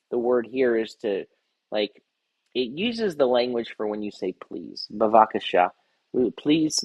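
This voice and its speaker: Earnest rabbi teaching scripture, husky. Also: male voice, medium pitch, a little mellow, dry recording, rough recording. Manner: earnest, repeats words while reading scripture aloud. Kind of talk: devotional Bible teaching.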